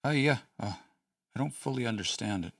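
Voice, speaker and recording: A man's voice: medium pitch, expressive, brisk, a bit bright, dry recording, studio quality, distant mic. A man hosting a casual study session, thinking aloud with hesitant restarts and small chuckles. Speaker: host studying a language.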